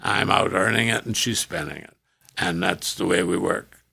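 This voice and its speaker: An older man, a former radio host telling career stories as a podcast guest, animated and acting out the people he quotes. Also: low-pitched, normal speed, gravelly, breathy edge, no echo. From Canada. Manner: animated storyteller who acts out quoted dialogue. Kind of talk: storytelling in a podcast interview.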